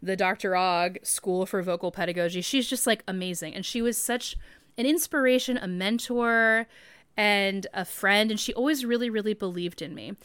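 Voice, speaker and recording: Chatty woman in her thirties, smooth voice. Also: medium pitch, moderate pace, a bit bright, dry recording, clean studio sound. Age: 30s. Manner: chatty, rambling, many "like" and "um" fillers. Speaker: podcast host. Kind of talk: casual podcast monologue.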